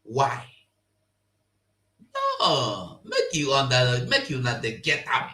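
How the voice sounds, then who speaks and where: A man's voice: medium pitch, big pitch swings, unhurried, sharp tone. A man with a Nigerian accent giving impassioned political commentary, switching into Pidgin and laughing as he talks. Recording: roomy echo.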